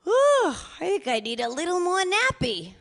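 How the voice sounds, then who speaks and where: A woman's voice: extremely high pitch, sing-song, normal speed, gravelly, fairly bright tone, voice pushed up, full character voice. A woman voicing her older father reading his voicemails, swearing freely and joking with wry affection. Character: older father, cheerful, profane, doting. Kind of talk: reading voicemails aloud in character.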